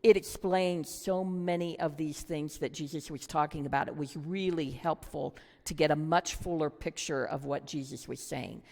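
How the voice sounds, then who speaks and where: A woman's voice: deep voice, normal speed, creaky, hardly any pauses, darkish tone. A woman teaching a Bible study lesson, earnest and reflective, putting questions to her listeners. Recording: long hall reverb.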